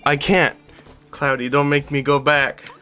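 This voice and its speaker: Streamer, bright voice, faint music behind, casual gameplay chat, rambling, self-interrupting. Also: medium pitch, level tone, measured pace. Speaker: streamer playing a game with friends.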